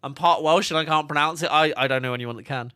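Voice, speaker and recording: A man's voice: on the high side, fast talker, sharp tone, clean tone, no echo, clean studio sound. A man, chatting casually on a game livestream, laughing often and reading chat aloud. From England. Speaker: game streamer.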